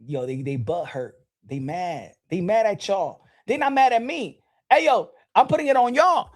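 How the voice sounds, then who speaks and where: A man streaming boxing commentary, talking to his chat in an animated, teasing, repetitive way with frequent laughs. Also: high voice, moderate pace.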